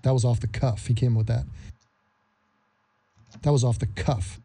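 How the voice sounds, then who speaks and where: A man's voice: mid-range voice, fairly even intonation, a little slow, creaky, pauses often, dark tone, husky. A man hosting a ranting reaction commentary, sarcastic and repeating his phrases again and again. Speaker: commentary host.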